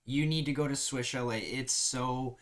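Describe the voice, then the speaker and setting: A man's voice: medium pitch, fairly even intonation, moderate pace. A man hosting a casual live stream, chatting easily and reading viewer comments aloud with frequent laughs. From Canada.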